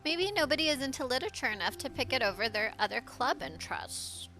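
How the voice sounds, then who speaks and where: Casting: teen club president, composed, read plainly with lively pitch, by a woman. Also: quick pace, soft background music. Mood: doubtful.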